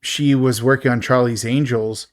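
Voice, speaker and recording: A man hosting a casual movie review podcast, chatty and quick to laugh, with many fillers. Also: mid-range voice, fairly even intonation, no room sound, studio quality. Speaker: podcast host.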